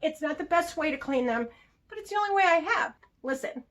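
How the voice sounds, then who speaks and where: High-voiced chatty woman vlogger. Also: a little fast. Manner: chatty and animated, with laughs. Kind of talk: casual product review vlog.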